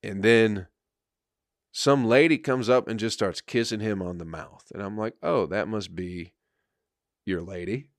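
A man's voice: on the low side, measured pace, no room sound, studio quality. A man, a comedian and podcast host, telling a rambling, profane story in casual chat with frequent laughter.

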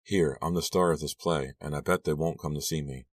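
A man's voice: rumbling low, steady tone, fairly quick, dry recording, recorded from a distance. A man voicing a self-centered, theatrical teenage girl in an audiobook. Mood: glum.

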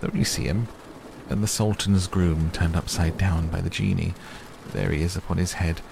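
A gravelly, very deep old miser , as a man reads him aloud, caught between laughing and crying. His low, creaky voice sits over a steady bed of rain sounds. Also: normal speed, background noise. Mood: excited. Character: old male miser, tearful and overjoyed.

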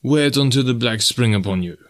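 A man doing an excitable French naval officer. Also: medium pitch, brisk, dry recording, clean studio sound, lightly acted. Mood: earnest. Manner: emphatic, raised exclamations.

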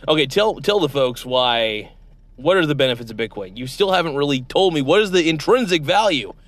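A man's voice: on the high side, lively intonation, fairly quick, a bit bright, no room sound. A man hosting a comedy sketch interview, playing a mock-outraged, exasperated interviewer. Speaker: show host.

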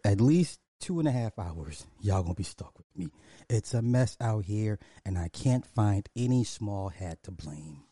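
A man hosts a casual commentary stream, drawing his words out slowly and repeating points for emphasis. His voice is dark and mellow. It is recorded dry, close to the mic. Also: on the low side, expressive, slightly rough, no echo. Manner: drawling, repetitive, emphatic, chuckles often. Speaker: commentary show host.

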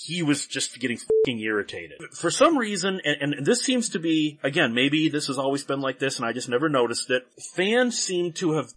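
A man's voice: fairly high pitch, very animated, moderate pace, few pauses, fairly bright tone. A man hosting a podcast, ranting casually in a heated, profane, emphatic way. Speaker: podcast host.

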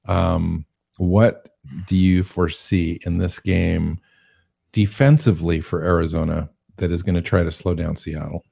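A man's voice: low voice, flat delivery, a little slow, creaky, mellow. A man co-hosting a sports podcast, chatting casually about football and asking his partner questions. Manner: asks questions, cites stats.

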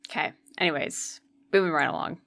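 A woman's voice: deep voice, a little fast, vocal fry, sharp tone, dry recording, clean studio sound. A woman co-hosting a podcast, chatting casually with swearing and self-deprecating jokes. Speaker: podcast co-host. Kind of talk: casual chat.

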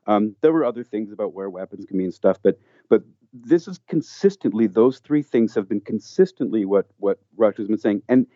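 Emphatic low-voiced man, dry dull audio. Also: animated, brisk, mellow, no room sound. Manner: earnest, emphatic, frequent restarts. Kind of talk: conversational political discussion.

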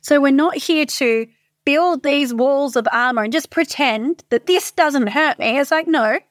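A woman's voice: high voice, unhurried, no echo, clean studio sound. Candid, sweary woman in her thirties. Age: 30s. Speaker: coach. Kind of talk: casual motivational talk.

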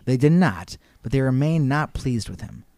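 A man's voice: mid-range voice, lively intonation, moderate pace, a little mellow, no echo. A man co-hosting a casual history podcast, telling the story and breaking into jokey voices. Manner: storytelling with jokey put-on voices, laughs a lot.

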